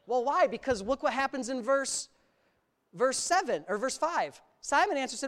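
Man, pastor, sermon, animated, exclamatory, laughs through stories. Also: very high-pitched, brisk.

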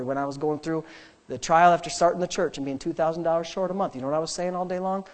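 High-voiced emphatic male pastor preaching. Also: rapid-fire. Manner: emphatic preaching with repetition, dropping to quiet prayer. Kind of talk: sermon.

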